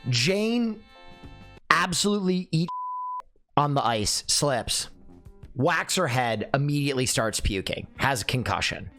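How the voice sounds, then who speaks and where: A young adult man telling a comic story in a lively way, acting out the dialogue. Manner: lively, acts out dialogue with swinging pitch.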